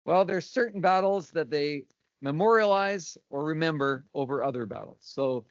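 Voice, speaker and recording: A fairly high-voiced man gives a university lecture, reading from his notes and breaking off now and then for dry asides. The sound is dull and lo-fi, and the voice is close and dry with little room echo. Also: lively intonation, moderate pace. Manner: reads notes aloud with dry asides and filler stumbles. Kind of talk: academic lecture read from notes.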